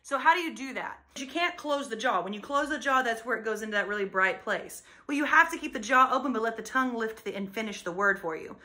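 A woman coaches singing in a high, bright voice. She explains plainly how to shape vowels and sound, the way a vocal teacher talks through a lesson. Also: expressive, quick pace, hardly any pauses. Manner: explains technique plainly, then sings short demo lines. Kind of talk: singing lesson with sung demonstrations.

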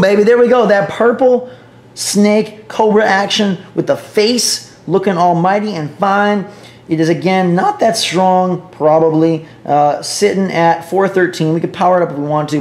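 Playful young man with a higher voice. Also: roomy sound. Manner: playful, jokey, excitable. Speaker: gaming vlogger. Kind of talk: casual gameplay commentary.

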